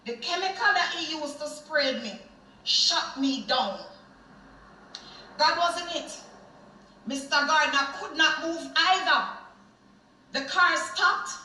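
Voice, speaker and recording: A woman with a Jamaican accent telling a vivid personal story in an interview. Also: high voice. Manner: animated, vivid retelling. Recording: echoey room, far from mic.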